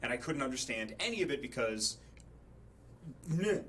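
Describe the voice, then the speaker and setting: A man's voice: medium pitch, sing-song, moderate pace, fairly bright tone, slight background noise. A man casually telling a story, hesitant with many fillers, acting out the people he quotes. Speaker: storyteller on a charity livestream.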